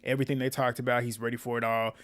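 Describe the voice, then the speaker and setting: A man's voice: medium pitch, little pitch movement, rapid-fire, a bit bright. A man recapping a reality dating show in casual, blunt commentary, swearing and laughing often.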